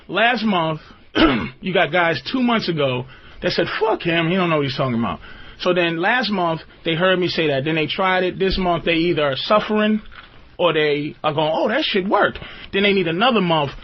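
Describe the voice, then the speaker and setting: A man's voice: a little high, animated, moderate pace. A man hosting a radio call-in show, ranting in a profane, rambling way and laughing often. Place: radio studio. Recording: dull lo-fi radio recording with faint hiss.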